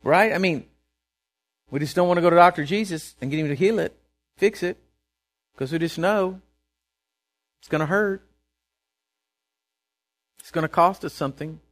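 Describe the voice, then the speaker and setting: A man's voice: a little high, normal speed, long pauses. A pastor preaching a sermon from a church pulpit in plain, folksy words, acting out the voices of the people he describes. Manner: animated, acts out voices of people he quotes.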